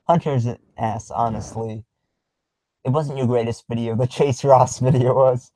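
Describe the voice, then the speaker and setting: A young man hosting a casual livestream, reading viewer comments aloud in a halting way with many filler ums and small chuckles. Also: mid-range voice, steady tone, dark tone, dry recording, low-quality recording.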